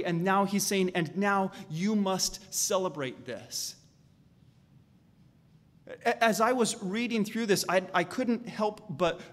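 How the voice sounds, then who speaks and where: Man, pastor, sermon, animated storyteller, high voice, long hall reverb. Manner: animated, acts out voices of the Israelites and God.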